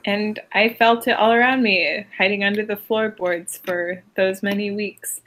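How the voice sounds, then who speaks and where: A young woman speaking earnestly and deliberately as a player in a tabletop game. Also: mid-range voice, fairly even intonation, fairly bright tone, low-quality recording. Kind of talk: tabletop role-play.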